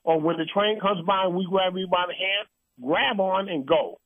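A man hosts an uncensored call-in talk show, ranting bluntly and heatedly. His voice sits fairly high. The sound is dry and thin, like a phone line. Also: moderate pace, no room sound. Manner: blunt, heated ranting with mocking put-on quotes.

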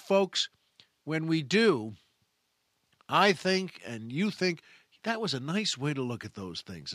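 A man who is a comic, hosting a show with a folksy, repetitive, drawn-out monologue. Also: mid-range voice, a bit bright, dry recording, clean studio sound. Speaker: podcast host and stand-up comic. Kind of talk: comedic monologue.

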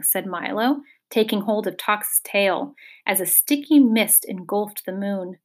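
An audiobook narrator with a mid-range voice reads a children's fantasy novel aloud. Her scripted narration is measured and expressive, in a storytelling style.

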